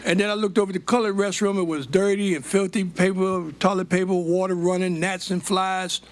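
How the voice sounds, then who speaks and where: A man's voice: sits high, a little fast. An older man, telling stories from his life as a guest speaker on stage. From United States. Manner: animated storytelling, plays out quoted dialogue. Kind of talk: storytelling on stage.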